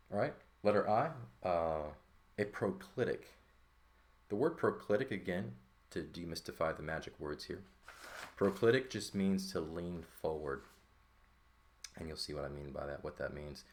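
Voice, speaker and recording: Very low-voiced man teaching Greek. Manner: explains terms with frequent "right?" check-ins and fillers. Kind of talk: casual textbook lesson walkthrough.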